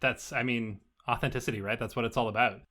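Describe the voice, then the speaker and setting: A man putting on a cool, aloof young woman who plays music. She speaks softly and slowly, with a low, unbothered drawl. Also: fairly even intonation. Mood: laid-back.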